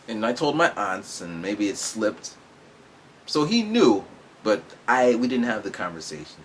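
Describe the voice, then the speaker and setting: A young man casually telling a personal story, animated, acting out other people's voices. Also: on the low side, moderate pace, a little hiss or hum. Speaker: vlogger telling his story.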